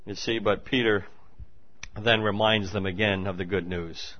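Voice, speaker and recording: A man preaching a sermon, moving between hushed asides and loud, emphatic declarations. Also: on the low side, fairly even intonation, normal speed, lo-fi sound. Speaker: pastor.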